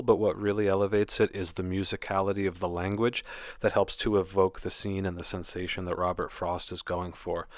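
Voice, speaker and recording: Low-voiced man explaining a poem. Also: no room sound. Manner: relaxed, explanatory, with fillers. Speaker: poetry teacher. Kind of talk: casual spoken lesson.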